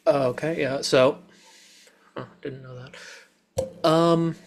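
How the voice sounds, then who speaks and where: A man's voice: fairly high pitch, steady tone, takes it slowly. A man playing a tabletop game, hesitant, thinking aloud with many ums. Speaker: player.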